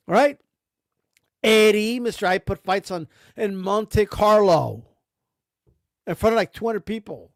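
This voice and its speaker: High-voiced man in a sarcastic rant. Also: unhurried, pauses often, dry recording, clean studio sound. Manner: sarcastic, profane, repetitive rhetorical questions. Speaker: boxing streamer. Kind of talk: heated rant.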